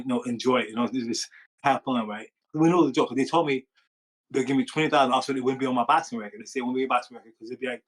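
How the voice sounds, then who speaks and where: Fast-talking former boxer telling a story. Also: male voice, mid-range voice, low-quality recording. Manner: rambling, animated storytelling with many fillers. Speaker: interview guest, former boxer. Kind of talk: storytelling interview.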